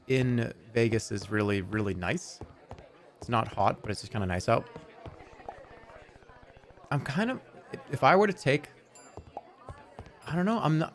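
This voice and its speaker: A man chatting casually on a livestream, rambling from one thought to the next and swearing freely. His pitch swings widely, leaping up when he gets worked up and dropping low when he muses. Soft music plays faintly underneath. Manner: rambling, profane, acts out scenes in loud voices. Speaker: streamer.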